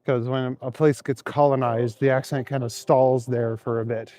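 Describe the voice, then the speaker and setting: A man's voice: mid-range voice, steady tone, normal speed, dark tone. A man streaming live while walking city streets at night, chatting with viewers and laughing often. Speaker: livestreamer. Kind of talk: casual livestream chat, answering viewers.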